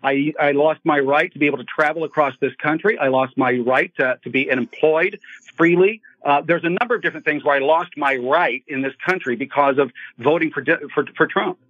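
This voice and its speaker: A man's voice: on the high side, brisk, fairly bright tone, no room sound. A man calling into a radio show, insistently arguing his point over the host. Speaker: caller. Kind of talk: heated call-in radio debate. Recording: dull phone-line call.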